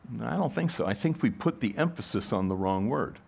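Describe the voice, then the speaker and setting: A man's voice: mid-range voice, expressive, a little fast, gravelly, a little mellow. A middle-aged man, a pastor, preaching a sermon in a conversational way, full of rhetorical questions and restarts.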